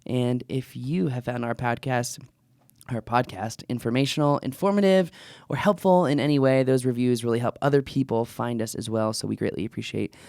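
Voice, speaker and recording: A man's voice: mid-range voice, steady tone, brisk, creaky, darkish tone, no room sound, studio quality. A man hosting a podcast in casual, jokey, upbeat chat. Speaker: podcast host.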